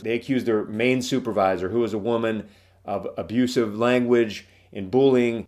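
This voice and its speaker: A man's voice: fairly low pitch, a little mellow. A man talking as a trial lawyer, giving instructional advice in an emphatic, direct, matter-of-fact way. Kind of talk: instructional talk.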